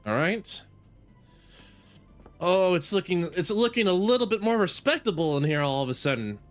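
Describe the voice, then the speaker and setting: Guy chatting over a game, playful, fake-grumpy, voice jumps around, soft music under it. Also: high voice, lively intonation, normal speed. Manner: playful, mock-grumpy, laughs often. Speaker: gaming video creator. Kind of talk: casual gameplay commentary.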